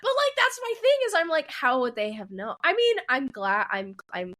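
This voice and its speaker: Woman in her 20s, podcast co-host, casual chat, rambling, lively swooping pitch, slightly high voice. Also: moderate pace. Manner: animated, rambling, lots of "like" and restarts.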